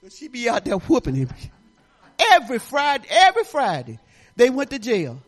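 An older woman pastor from Detroit giving a folksy, animated sermon, talking straight to the congregation with laughing asides. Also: a little high, moderate pace, slightly rough. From Detroit, Michigan.

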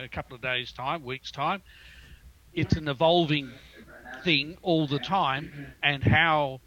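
A man's voice: medium pitch, pushed and bright, low-quality recording. A man, a librarian, thinking aloud in a casual group chat and repeating himself.

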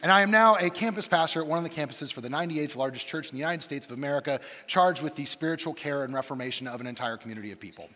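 A man in his thirties preaching as a campus pastor, his voice sitting a bit higher than most men's. He tells funny, self-mocking stories with lively, shifting energy. The sound rings out with long reverb, as in a big hall. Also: very fast, hardly any pauses, slight background noise. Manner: animated, self-deprecating storyteller with shifting energy. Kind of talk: humorous sermon with storytelling.

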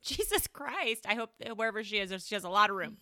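A woman's voice: medium pitch, sing-song, fast talker, bright, forceful tone, no room sound, studio quality. A woman co-hosting a podcast, chatting casually with wry, joking asides. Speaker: podcast co-host. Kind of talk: casual chat.

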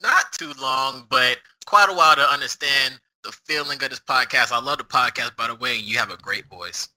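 A friendly man chats on a podcast with a very bright, sharp voice. His pitch is lively and playful. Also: normal speed, gravelly, rough recording. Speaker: podcast guest. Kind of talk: casual podcast chat.

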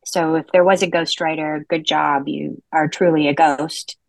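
A woman co-hosting a book podcast, speaking in a measured way and wrapping up the show. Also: sits low, fairly even intonation, creaky, no echo. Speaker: podcast co-host. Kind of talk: casual book-club chat.

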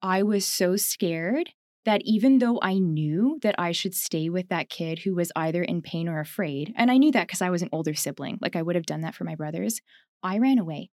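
A woman's voice: lowish voice, moderate pace, a little mellow, no echo, clean studio sound. A woman from Canada co-hosting a podcast, telling a story in a casual, reflective way, with lots of "like" and frequent laughter. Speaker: podcast co-host.

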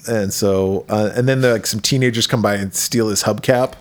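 A man's voice: on the low side, steady tone, moderate pace. A man co-hosting a podcast, recapping a horror movie in casual chat, swearing freely and laughing often. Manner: laughing, profane, acts out characters' lines. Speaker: podcast co-host.

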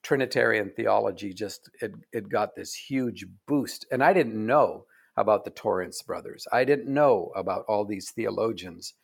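Male author guest, low and gravelly, earnest and reflective. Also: normal speed, hardly any pauses. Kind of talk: reflective conversation. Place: Oregon.

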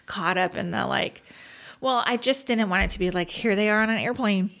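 A woman's voice: mid-range voice, a little fast, gravelly, a bit bright. A married woman co-hosting a podcast, chatting casually about a movie and acting out her own reactions. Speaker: podcast co-host. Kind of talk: casual chat reviewing a movie.

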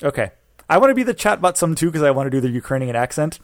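A man's voice: fairly high pitch, sing-song, rapid-fire, no echo, clean studio sound. A man co-hosting a podcast in playful, casual chat. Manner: playful, jokey. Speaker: podcast co-host.

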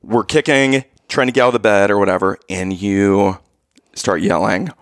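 A young man co-hosting a casual chat, telling a story in a lively, animated way and acting out his own yells. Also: on the low side, moderate pace, dry recording, studio quality.

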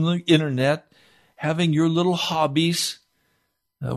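A preacher delivers an impassioned sermon. He pleads with his listeners and sounds close to tears. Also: fairly high pitch. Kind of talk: emotional sermon.

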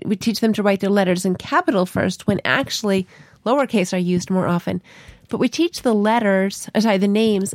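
A woman's voice: medium pitch, a little mellow, no room sound. A woman co-hosting a podcast, talking casually and explaining her teaching methods with playful little stories. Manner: chatty, explaining with playful examples. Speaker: podcast co-host.

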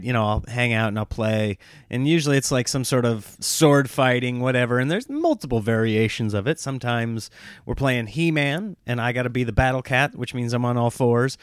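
A man in his thirties telling a rambling comic story about his young kids, now and then mimicking them in a higher voice. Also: no room sound, studio quality.

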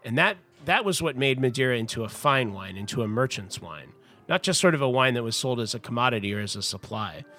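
A man's voice: medium pitch, very animated, fast, bright, forceful tone. Chatty man rambling through wine history. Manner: chatty, rambling with restarts and asides. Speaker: wine importer guest. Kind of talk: casual podcast storytelling.

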